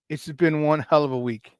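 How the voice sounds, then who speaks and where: A male sports talk host with a slightly high voice on a dry, close recording. He calls out viewers by name with loud excitement, then sinks into low, weary grumbling between shout-outs. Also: clear, resonant tone, dry recording. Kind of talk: casual morning sports talk show.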